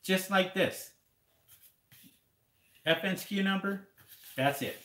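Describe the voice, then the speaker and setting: A man's voice: high voice, slow pace, fairly bright tone, reverberant. A man hosting a casual live question-and-answer stream, rambling and repeating words as he talks straight to his viewers. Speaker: livestream host answering seller questions.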